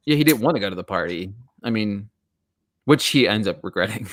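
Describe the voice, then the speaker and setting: A man's voice: lowish voice, lively intonation, moderate pace. A young man co-hosting a podcast, teasing his co-host in casual chat about a TV episode. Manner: joking, playful teasing, fond of repeated catchphrases.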